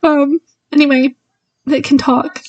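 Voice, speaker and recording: Rambling high-voiced woman reviewing a book. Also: level tone, unhurried, a little mellow, no echo, far from the mic, muffled recording. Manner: rambling retelling with many fillers and laughs. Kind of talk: casual book review chat.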